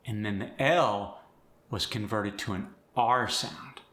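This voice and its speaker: Man, accent coach, lowish voice, crisp bright tone, roomy echo. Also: slow. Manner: demonstrates sounds by contrasting words. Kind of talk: accent tutorial.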